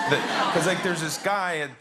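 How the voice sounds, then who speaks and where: Speaking at normal speed in a high, steady voice, this man in his forties is a film actor guesting on a talk show. He laughs often while relating an anecdote in relaxed conversation, with crowd and studio noise from the audience-filled TV studio.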